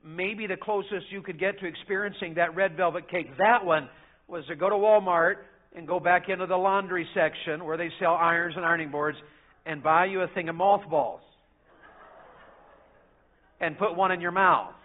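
A middle-aged man, preaching a sermon in a folksy storytelling way that swings between loud and soft. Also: sits high, moderate pace. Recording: phone-like narrow sound.

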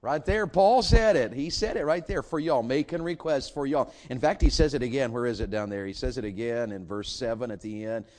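A man's voice: medium pitch, fairly even intonation, a little fast, few pauses, a little mellow. A middle-aged man, preaching a sermon and firing rhetorical questions at his congregation. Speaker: pastor.

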